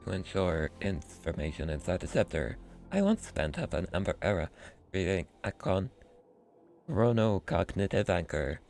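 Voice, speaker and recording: A man voicing a stately male robot scholar in a slow, formal robotic monotone. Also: sits low, soft background music, pitched below the performer's own voice. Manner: measured, formal delivery.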